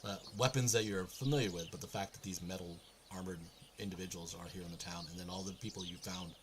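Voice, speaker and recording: A man's voice: low voice, steady tone, quick pace, a little hiss or hum. A man running a tabletop game as game master, describing scenes and explaining rules with many fillers.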